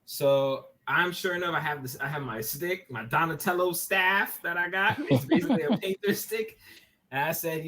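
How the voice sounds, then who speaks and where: A man with a New York accent, a podcast guest telling a story from his bedroom over a webcam, animated and swearing, laughing as he goes. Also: on the high side, a little hiss or hum. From Brooklyn, New York. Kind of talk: casual podcast chat, storytelling. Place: bedroom at home.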